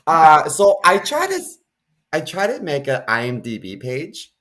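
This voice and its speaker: A man's voice: a little high, measured pace. A man co-hosting a podcast in casual chat, telling jokey stories. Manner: animated, jokey storyteller. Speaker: podcast co-host.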